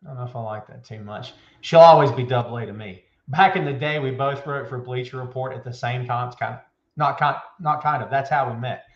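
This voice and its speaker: A man hosting a live show, loud, joking and hyped, talking from an office with a bare floor and a window. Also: mid-range voice, brisk. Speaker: show host. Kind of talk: live show, casual chat. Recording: echoey room, dull lo-fi sound.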